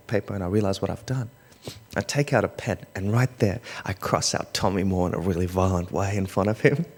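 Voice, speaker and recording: A young Australian man tells a story from the stage in a low voice, dropping to quiet asides and then rising into loud, lively bursts. His voice rings out with a long reverb from a large hall. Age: young adult. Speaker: public speaker. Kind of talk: storytelling talk.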